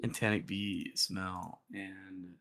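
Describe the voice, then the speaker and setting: A young man co-hosting a casual esports podcast, rambling excitedly with lots of fillers and restarts. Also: sits low, slow, vocal fry. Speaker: podcast co-host.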